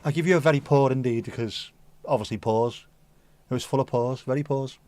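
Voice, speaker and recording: A man's voice: medium pitch, brisk, a little mellow, no echo. A man with a mid-range voice chats his way through viewer comments on a livestream. He rambles and jokes as he goes. The sound is dry and close. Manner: jokey, rambling, playful. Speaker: livestream host. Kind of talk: casual chat reading viewer comments.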